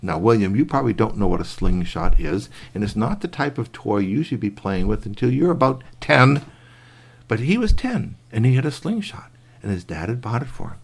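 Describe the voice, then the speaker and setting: A man telling a bedtime story to a child, animated, with sound effects and asides to the listener. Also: lowish voice, moderate pace, gravelly, breathy edge.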